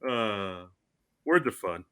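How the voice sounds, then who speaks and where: A man co-hosting a podcast in casual chat, animated and self-mocking, talking in quick bursts with many restarts. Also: on the low side, clear, resonant tone. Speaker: podcast co-host.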